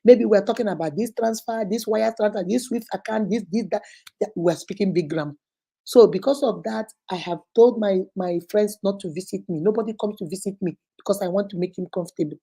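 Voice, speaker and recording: A middle-aged Nigerian woman hosting a relationship advice talk, telling a listener's story in a casual, animated way and acting out what people said. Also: medium pitch, fairly quick, creaky, breathy edge. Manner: animated, acts out quoted speech.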